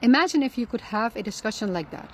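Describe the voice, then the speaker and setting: Earnest woman giving calm spiritual advice. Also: a little high, fast, slight background noise. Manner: calm, earnest, repeats key phrases. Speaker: Islamic lifestyle speaker. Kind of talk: reflective spiritual advice talk.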